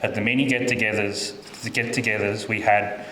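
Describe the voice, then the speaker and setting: A man giving a eulogy in a church, halting and repeating his words. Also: fairly low pitch, steady tone, pushed and bright. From Australia. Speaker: eulogy speaker. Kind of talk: reading a eulogy. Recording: echoey church with faint room noise.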